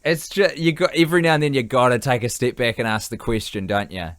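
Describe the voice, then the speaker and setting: A man's voice: medium pitch, fast talker, a bit bright, dry recording. Tired, jokey New man, dry close mic. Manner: jokey, rambling, swears casually. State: tired and hungry. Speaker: podcast co-host. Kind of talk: casual chat.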